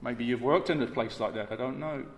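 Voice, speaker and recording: A mid-pitched male preacher gives a brisk, emphatic, rhetorical sermon, swinging between hushed and forceful delivery. He's recorded in a large, echoey church hall with long reverb and a faint hiss.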